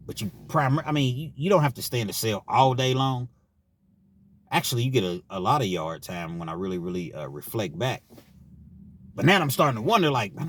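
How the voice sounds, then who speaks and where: Kentucky man, slangy storyteller, lowish voice, unhurried asides. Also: a little hiss or hum. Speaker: vlogger telling prison stories. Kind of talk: casual storytelling.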